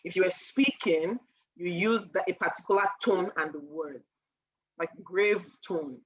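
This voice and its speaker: A woman teaching persuasion on a casual live stream, animated and laughing often as she acts out sales lines. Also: fairly low pitch, a little slow, breathy edge, muffled recording.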